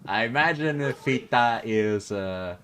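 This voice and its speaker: A man's voice: fairly low pitch, expressive, slow pace, noisy background. A male streamer chatting casually and reacting with frequent laughter while watching a video.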